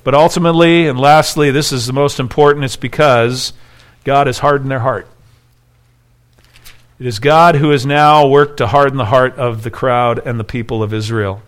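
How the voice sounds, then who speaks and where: A man's voice: medium pitch, steady tone, moderate pace. A man preaching an expository sermon, reading scripture aloud and explaining it, rising in intensity when he voices the people in the text. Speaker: pastor.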